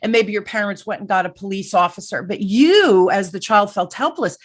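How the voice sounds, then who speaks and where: Energetic middle-aged woman hosting an interview. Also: mid-range voice, normal speed. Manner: energetic, animated, self-deprecating storyteller. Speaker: podcast host. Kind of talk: casual conversational interview.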